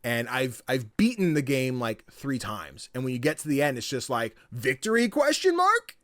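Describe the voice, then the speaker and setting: A man co-hosting a podcast in casual chat, animated and laughing often. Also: mid-range voice, normal speed, no echo, clean studio sound. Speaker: podcast co-host.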